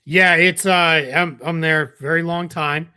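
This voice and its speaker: Male co-host, slightly high, bright and forceful, chatty and easygoing. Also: steady tone, a little slow, smooth. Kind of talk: casual podcast chat.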